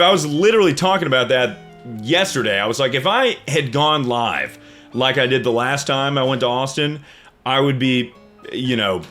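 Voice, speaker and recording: A young man telling a story in a casual, profane rant, jumping between loud outbursts and low mutters. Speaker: streamer.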